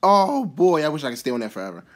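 A vlogger commentating a card pack opening in a casual, excitable way, with frequent exclamations and rambling asides full of fillers. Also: medium pitch, fast talker. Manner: rambling, filler-heavy musing.

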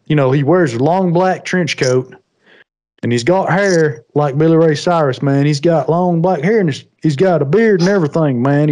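A man co-hosting a podcast in casual chat, animated and quick to laugh as he tells stories. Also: fairly high pitch. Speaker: podcast co-host.

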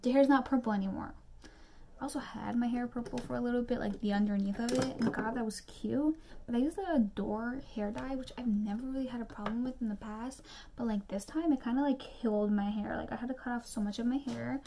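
A woman's voice: fairly high pitch, mellow, slight background noise. Chatty young woman ranting while doing makeup. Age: young adult. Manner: chatty, rambling, quick asides and mock-outraged rants. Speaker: beauty vlogger. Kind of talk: chatty makeup tutorial rant.

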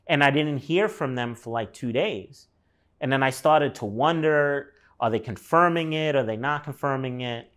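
A man's voice: mid-range voice, moderate pace, a bit bright. A man in his thirties telling a personal story in a loose, rambling way, with lots of fillers and swearing. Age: 30s. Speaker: artist guest. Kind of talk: casual storytelling conversation.

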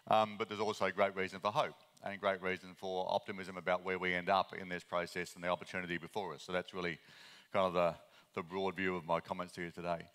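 An Australian man in his fifties giving a conference talk, speaking fast and earnestly with frequent ums and restarts. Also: low voice, flat delivery, fairly bright tone, big-room sound. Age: 50s.

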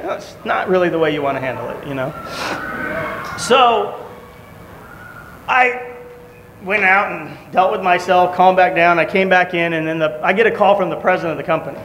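A man preaching a sermon, telling a story with lively shifts and loud outbursts when he quotes people. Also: high voice, moderate pace, pauses often. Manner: animated storytelling, shouting in acted quotes. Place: church. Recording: echoey church hall, faint room noise.

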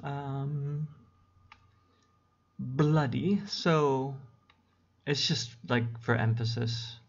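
A man teaching English in a relaxed, unhurried way at his computer, with fillers as he goes. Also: mid-range voice, gravelly, breathy edge. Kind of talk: casual screen-recorded lesson. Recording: dull lo-fi home recording.

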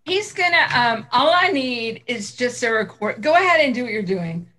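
Animated woman co-host, bright and bouncy, casual livestream banter. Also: on the high side, normal speed, low-quality recording. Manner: animated, giggly, enthusiastic. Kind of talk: casual chat.

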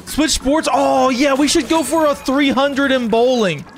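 A streamer chatting casually during a live gaming session, excitable and rambling, often stammering and repeating words. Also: high voice, a little slow, creaky, faint music behind.

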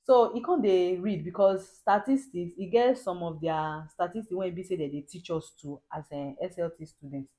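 Woman, Nigerian Pidgin accent, lively storyteller, laughs often, casual home chat. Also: fairly low pitch, moderate pace, hardly any pauses, low-quality recording. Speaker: wife telling how the couple met.

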